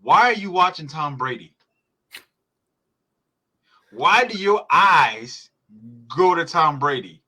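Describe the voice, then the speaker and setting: A man on a sports podcast, his voice strikingly bright and sharp, riffing heatedly on a live game. He swears casually and keeps circling back to press his argument. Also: a little high, animated, slow pace, pauses often. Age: adult parent. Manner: profane, heated sports rant. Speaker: podcast host. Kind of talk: live football reaction chat.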